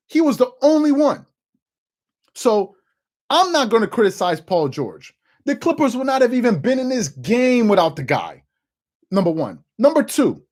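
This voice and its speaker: Animated man hosting a sports stream. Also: very high-pitched. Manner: animated, repeats words, answers live chat. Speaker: sports talk show host. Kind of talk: live-stream sports commentary.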